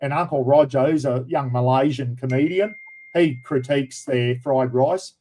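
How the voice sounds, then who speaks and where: A man's voice: mid-range voice, normal speed, warm tone, low-quality recording. A middle-aged Australian man hosting a casual chat, rambling and blokey, throwing in "mate" and "bloody" all the time. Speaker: livestream host.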